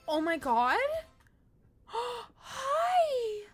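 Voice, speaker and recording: A woman streaming a puzzle game, chatting casually, gushing excitedly and swearing now and then. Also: mid-range voice. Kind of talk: live-streamed gameplay chat.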